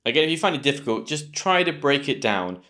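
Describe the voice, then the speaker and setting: A British man with a British English accent, teaching English pronunciation to camera and slowly repeating words clearly. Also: mid-range voice, big pitch swings, pushed and bright. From Britain.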